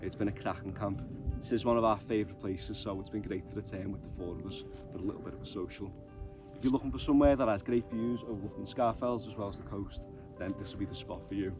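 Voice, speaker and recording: A man wrapping up a camping video with a brisk, upbeat outro. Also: fairly low pitch, steady tone. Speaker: camping vlogger. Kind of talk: scripted outro to camera. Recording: from a distance over music.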